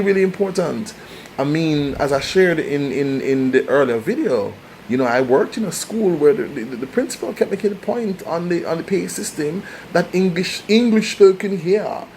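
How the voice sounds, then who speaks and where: Jamaican guy talking passionate and emphatic, mid pitch, bit of faint hum behind. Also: a little mellow. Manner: passionate, emphatic, with frequent restarts. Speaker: host. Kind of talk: casual monologue.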